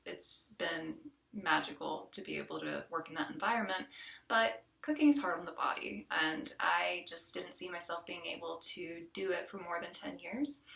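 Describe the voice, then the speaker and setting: A woman's voice: on the low side, creaky, sharp tone, reverberant, far from the mic. Chatty woman with a light Southern accent. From Southern United States. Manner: chatty, with frequent ums and restarts. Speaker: college student. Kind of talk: casual self-introduction.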